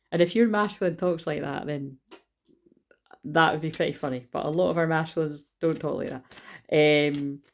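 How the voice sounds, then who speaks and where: A woman's voice: low voice, a little mellow. A young woman giving a casual, rambling tarot reading, chatty and swearing freely. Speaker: tarot reader.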